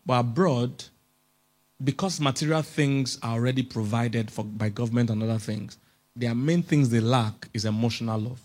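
A man's voice: medium pitch, moderate pace, a little mellow. Guy giving a jokey relationship talk to a crowd, keeps chuckling and nudging everyone. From Africa. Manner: jokey, coaxing the audience, chuckles often. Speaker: relationship expert speaking at a conference. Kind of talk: humorous motivational talk to an audience.

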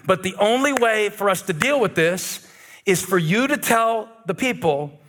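A man preaching a sermon as pastor, animated and joking, rising to shouts at peaks. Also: high voice, measured pace.

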